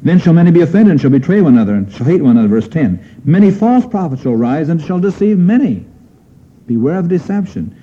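Husky man preaching on a dull old recording. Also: a little high, very animated, fast talker, warm tone. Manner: earnest, questioning the audience, rising emphasis on key phrases. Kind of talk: sermon.

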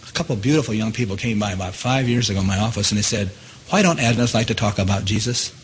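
A man preaching a sermon. He keeps asking his listeners questions and his voice leaps up in pitch to stress a point. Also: very fast, a little hiss or hum. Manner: animated, asks the audience questions, jumps high in pitch for emphasis. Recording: long hall reverb.

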